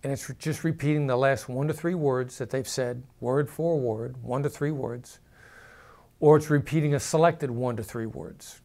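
A former negotiator, a man, explaining negotiation to camera in a measured way, sometimes lowering his voice to show a firm tone. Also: fairly even intonation, a little mellow. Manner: measured, drops pitch and volume to demonstrate firm downward inflection.

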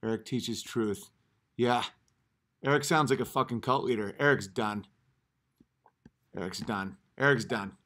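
A man live-streaming, ranting at his chat in a combative, profane way, repeating short phrases and swinging between muttering and yelling. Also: medium pitch, a little slow, long pauses.

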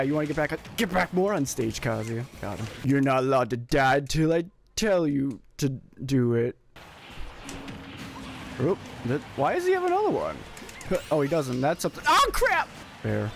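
Male streamer, raspy and gravelly, excitable live gameplay commentary, faint game music under him. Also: medium pitch. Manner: excitable, jokey, sudden yelps and laughs while playing.

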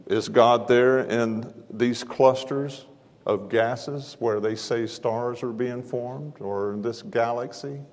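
A man's voice: medium pitch, steady tone, slow. A man preaching a sermon in a large church auditorium, folksy and self-deprecating in manner. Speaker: guest preacher. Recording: long hall reverb.

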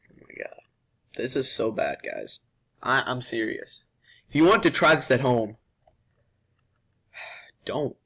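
A man's voice: mid-range voice, lively intonation, slow, pauses often, sharp tone, slightly rough. A young male vlogger doing a sugar challenge, worn out and dramatic, coughing and complaining between words. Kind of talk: casual vlog.

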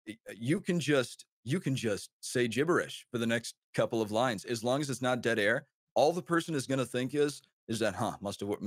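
A man's voice: mid-range voice, no echo, studio quality. A man with a light Wisconsin accent, a guest on a casual podcast, telling stories in a rambling, self-deprecating way full of restarts. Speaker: podcast guest, former radio host. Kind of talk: casual chat.

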